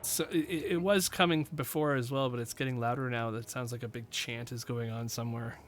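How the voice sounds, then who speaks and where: A man running a tabletop fantasy game as game master, relaxed and quick to laugh, with plenty of fillers. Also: medium pitch.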